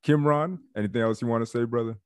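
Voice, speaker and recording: A man hosting a podcast, talking in a relaxed, agreeable way. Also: medium pitch, fast talker, smooth, no room sound, studio quality. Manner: relaxed, agreeable, laughs along. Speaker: podcast host. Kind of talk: casual podcast conversation.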